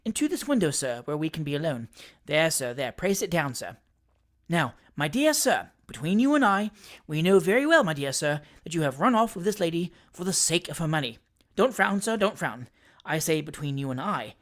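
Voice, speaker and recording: Heard first is a fussy little attorney who keeps soothing and wheedling, as a reader puts him on for an audiobook. His pitch swoops up and down with lively ease. He is an ingratiating, bustling man of the law. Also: moderate pace, lightly acted. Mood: coaxing. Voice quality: soothing, wheedling, keeps repeating "my dear sir". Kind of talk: audiobook character reading.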